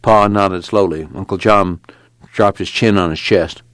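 A man reads an audiobook in an even, measured voice. His voice sits low. The sound is dry and close. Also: no room sound. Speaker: narrator. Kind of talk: audiobook reading.

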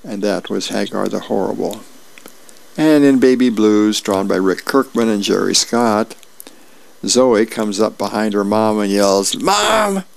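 A middle-aged man volunteering as a reader, reading newspaper comics and celebrity birthdays aloud in a friendly, unhurried way with small asides. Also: lowish voice, steady tone, creaky, darkish tone.

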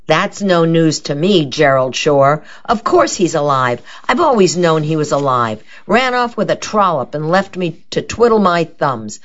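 Gruff bossy old lady, woman reading her, slow blunt drawl, dull lo-fi sound. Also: low voice, very animated. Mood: imperious. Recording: dull lo-fi recording.

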